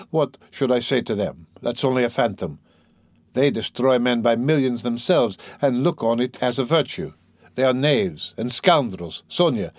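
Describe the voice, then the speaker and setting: A man's voice: mid-range voice, no room sound. A man reading aloud, voicing a tormented young man who speaks bitterly and defiantly. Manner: brooding, bitter, bursting into agitated outcries. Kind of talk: audiobook reading.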